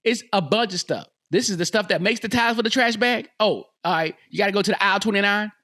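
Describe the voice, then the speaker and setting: A man with a high, pushed, bright voice talks fast as he hosts a podcast. In casual solo commentary, he jokes through his views and repeats lines to hammer his points home.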